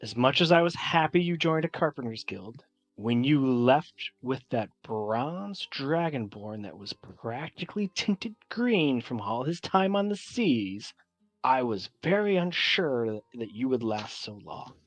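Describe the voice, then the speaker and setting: A man voicing a composed, proud middle-aged mother who speaks in a measured, soft tone that sinks low and hushed. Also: animated, dry recording. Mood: proud, stern. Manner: measured, soft-spoken, drops to a hush.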